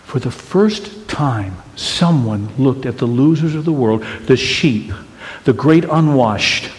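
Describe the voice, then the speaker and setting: A man preaching a sermon as pastor, conversational and teasing, swinging between loud emphatic bursts and hushed quiet lines. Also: mid-range voice, animated, slow, big-room sound. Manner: conversational and teasing, with rhetorical questions.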